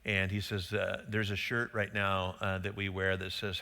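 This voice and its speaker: A man's voice: low voice, level tone, normal speed, vocal fry, hardly any pauses, sharp tone. A middle-aged man, a pastor, preaching a casual, conversational sermon with rhetorical questions and little acted-out quotes. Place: church sanctuary. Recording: long hall reverb.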